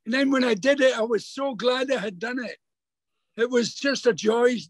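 Older male actor guest, unusually high pitch, chatty and stumbling storyteller. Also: no room sound, poor audio. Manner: halting, repeats words, animated anecdotes. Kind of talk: remote interview, casual storytelling. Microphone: video call.

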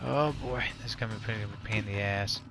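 A man's voice: lowish voice, racing. A young man giving casual gameplay commentary through a headset, reacting with frustration and frequent swearing in rambling outbursts. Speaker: gaming commentator. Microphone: gaming headset. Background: loud game music.

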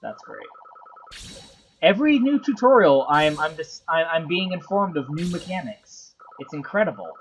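A woman's voice: low-pitched, very animated, normal speed, slight background noise. A woman commentating on a video game she is playing. She is sarcastic and swears casually, and often breaks into helpless laughter and squeals. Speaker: video game let's player.

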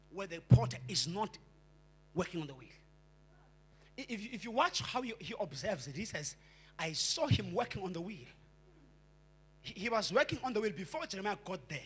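A Xhosa-accented pastor with a high, slightly bright voice delivers a fervent sermon in church, moving back and forth between English and isiXhosa. He tends to repeat himself and stammer into each point, and a little hiss or hum is audible.

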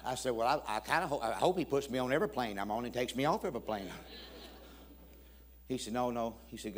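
Man, guest preacher in a church, mid-pitched, telling a story in the pulpit and voicing each side of the dialogue with folksy humor. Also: fast talker. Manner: folksy, humorous, acts out both sides of a conversation. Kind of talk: storytelling sermon. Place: church sanctuary.

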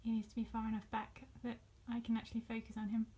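A woman's voice: on the high side, completely flat delivery, fast talker, dark tone, breathy edge. A woman at home giving short, firm commands to her dog while filming, often laughing. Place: home room indoors.

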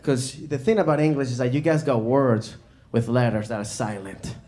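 A man from Maryland doing stand-up comedy on a club stage, animated and wry, into a handheld mic. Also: mid-range voice, normal speed, a little hiss or hum. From Maryland, USA. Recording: live club with audience laughter. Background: crowd laughter.

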